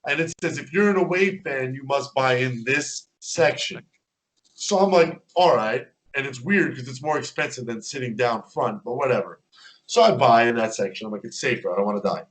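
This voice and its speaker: A man's voice: medium pitch, moderate pace. A man talks as a guest on a casual podcast. He tells his stories with animation and slips into the voices of the people he quotes. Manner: animated storyteller who acts out quotes. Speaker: podcast guest, fan club member.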